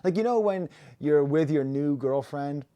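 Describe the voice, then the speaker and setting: Middle-aged male reviewer, loose rambling chat, warm dark tone, lively pitch. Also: measured pace, lo-fi sound. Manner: rambling, playful, with fillers and restarts. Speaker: music reviewer host. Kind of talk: casual chat.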